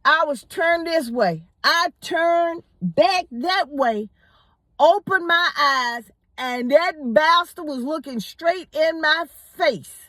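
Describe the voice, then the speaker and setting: A woman telling a personal story in a casual, animated way, often repeating words as she goes. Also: high-pitched, slow pace, no room sound. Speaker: storyteller host.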